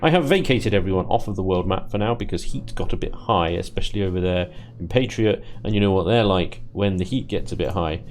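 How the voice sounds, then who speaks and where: A man casually commentating his strategy game play, chatty, self-deprecating and quick to laugh. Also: sits low, darkish tone. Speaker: let's play host.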